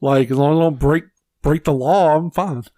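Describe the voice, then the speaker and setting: A man's voice: on the high side, dark tone, dry recording, studio quality. A man co-hosting a podcast in casual chat, swearing freely and joking about himself. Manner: profane, self-deprecating, quick back-channel replies. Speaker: podcast co-host.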